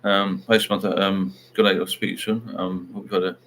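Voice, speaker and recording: A man's voice: deep voice, flat delivery, fairly quick, a bit bright, a little hiss or hum. A middle-aged man, hosting a casual livestream chat and rambling while he reads out viewer comments. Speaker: livestream host.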